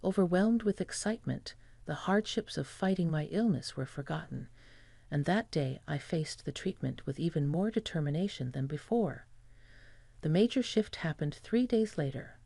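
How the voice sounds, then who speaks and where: A woman narrates a revenge story in an even, measured way, her voice gravelly with fry. The tone is dark and mellow. It sits close and dry on the mic, with no room sound. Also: deep voice, no room sound.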